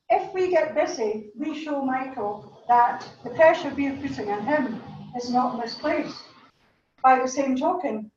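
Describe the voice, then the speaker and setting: High-pitched woman giving a rallying speech. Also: dull audio. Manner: upbeat, rallying, joking. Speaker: award recipient speaker. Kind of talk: motivational speech. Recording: echoey room, distant mic, faint noise.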